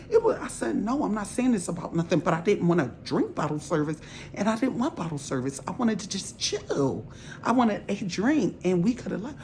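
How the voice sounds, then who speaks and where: A woman's voice: mid-range voice, big pitch swings, a little fast, creaky, a little mellow, a little hiss or hum. A woman in casual storytime vlog style, animatedly acting out both sides of an argument. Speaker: storytime vlogger.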